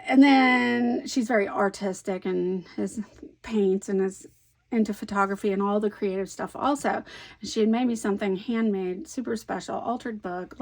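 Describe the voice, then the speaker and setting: A scrapbooking vlogger in her fifties chats casually about her craft projects in a medium-pitched voice. She rambles, stays animated and laughs easily while telling a story.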